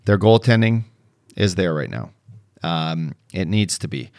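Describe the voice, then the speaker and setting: A man's voice: deep voice, sing-song, a little slow, vocal fry, darkish tone, no echo, clean studio sound. A man co-hosting a casual sports podcast, giving blunt, profane takes on hockey teams.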